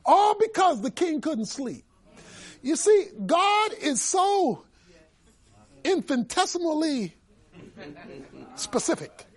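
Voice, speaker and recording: A male pastor preaching a sermon, telling stories animatedly, with bursts of shouting. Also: very high-pitched, very animated, takes it slowly, pauses often, a faint crowd.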